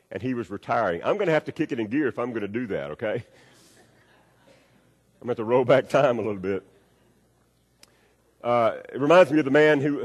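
A man's voice: medium pitch, a little mellow, lo-fi sound. A man preaching a sermon, folksy and storytelling, repeating his key phrases. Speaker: pastor. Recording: long reverb of a large hall.

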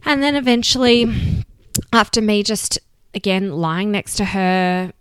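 A woman's voice: mid-range voice, unhurried, smooth, no room sound. A young Australian woman hosting a solo podcast, talking candidly and with open emotion as a mother. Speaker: podcast host.

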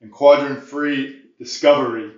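A man's voice: mid-range voice, steady tone, measured pace, darkish tone, dull audio. Emphatic, folksy man teaching in a roomy space. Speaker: debt defense instructor. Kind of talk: informal video lesson.

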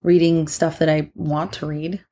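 A young woman in her twenties co-hosts a podcast with relaxed, chatty ease. Her voice sits low for a woman. She adds touches of dry humor. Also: a little slow. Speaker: podcast co-host. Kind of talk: casual chat.

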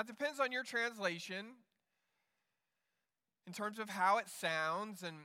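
Male pastor, earnest sermon, bright tone, long hall reverb. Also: sits high, clear, resonant tone. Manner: earnest, repeats words as he restarts.

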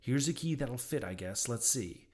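A man doing a fussy, flustered old landlady who scolds in quick bursts, her voice jumping higher on alarm. An audiobook character voice with a middling pitch. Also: expressive, darkish tone, close to an everyday voice. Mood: fretful scolding. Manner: scolding, exclamatory, rapid complaints. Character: flustered talkative landlady, older woman.

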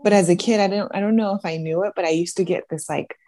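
A woman's voice: medium pitch, fairly even intonation, fast, dark tone. A woman co-hosting a podcast from home, talking candidly and reflectively in casual chat, with lots of "like". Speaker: podcast co-host, psychologist.

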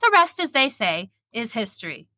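A woman's voice: a little high, very animated, normal speed, pushed and bright. A woman reading as a guarded young newlywed. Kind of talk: reading fiction aloud.

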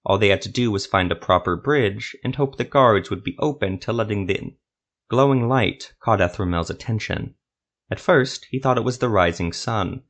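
A man narrating a fantasy story in a steady, measured storytelling voice. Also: fairly low pitch.

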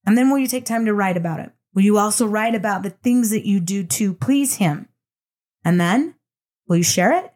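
A middle-aged woman giving a devotional talk, telling a story earnestly and slowing down for emphasis. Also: medium pitch. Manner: earnest, expressive storytelling with slow emphatic pauses.

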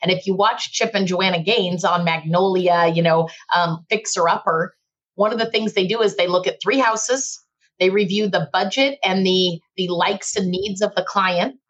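A middle-aged woman, a mortgage lender, hosting a casual panel chat in a brisk, conversational way. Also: fairly low pitch, fairly even intonation, fairly bright tone, dull audio. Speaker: mortgage lender and podcast host.

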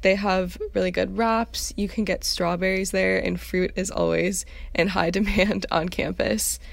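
A woman's voice: mid-range voice, fairly even intonation, unhurried, creaky, no echo. A young woman co-hosting a student podcast, recommending places with upbeat enthusiasm. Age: young adult. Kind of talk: casual chat.

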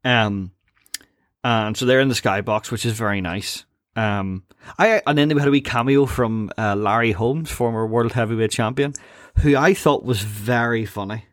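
A young man co-hosting a podcast, recapping a cartoon episode in a chatty, halting way with frequent ums. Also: mid-range voice, no room sound, studio quality. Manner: chatty, laughs often, hesitant with ums. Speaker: podcast co-host.

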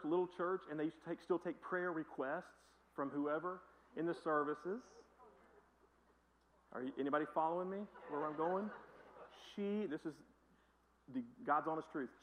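High-voiced pastor, chatty and emphatic. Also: male voice, fairly bright tone, a little hiss or hum, low-quality recording. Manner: conversational, repetitive, emphatic, joking asides. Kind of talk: sermon.

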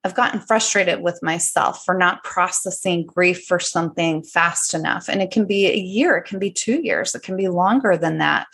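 A woman hosting a podcast, talking in a thoughtful, measured way in casual conversation. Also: on the low side, fairly bright tone. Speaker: podcast host.

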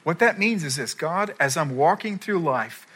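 A middle-aged man preaching a sermon as pastor, telling the story in a lively way and acting out the people he quotes. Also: a little high, normal speed, husky. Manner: animated storytelling, acts out quoted voices.

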